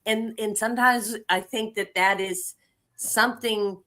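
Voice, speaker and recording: A woman's voice: on the high side, fairly even intonation, measured pace, pushed and bright. A woman telling a story in casual conversation, chatty with many fillers.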